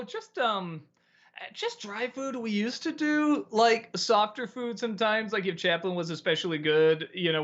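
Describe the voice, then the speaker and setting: A man's voice: sits high, muffled recording. A man hosting a weekly question-and-answer stream, chatting casually and rambling through viewer questions with frequent laughs. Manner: relaxed, rambling, laughs often.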